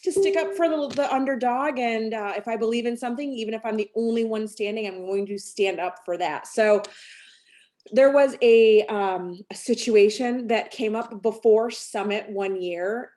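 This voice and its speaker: A woman's voice: medium pitch, moderate pace, darkish tone. A woman, a sales team director, telling a rambling personal story on a team call, full of fillers and restarts.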